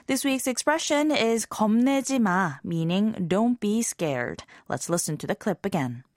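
A woman hosting a scripted language lesson, explaining phrases clearly and slowing down on key expressions. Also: medium pitch, expressive.

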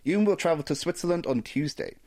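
A man briefing news stories as a staff editor, in a steady, formal manner. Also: fairly high pitch, fast talker.

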